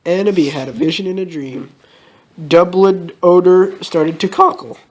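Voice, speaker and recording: A young man giving a comedic, mock-melodramatic reading of a fan story, with shrill put-on outbursts. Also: fairly even intonation, a little slow.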